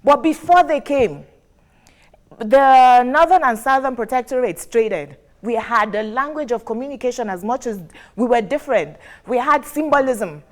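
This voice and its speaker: A Nigerian woman with a slightly high voice argues her point in a measured, firm way. She builds her case through rhetorical repetition. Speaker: debate guest. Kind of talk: formal debate argument.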